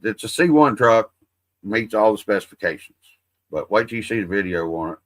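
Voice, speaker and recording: Brief: middle-aged male host, folksy and profane, rambling chat, bright edge. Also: fairly low pitch, lively intonation, fairly quick, no room sound. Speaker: livestream host. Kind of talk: casual livestream chat.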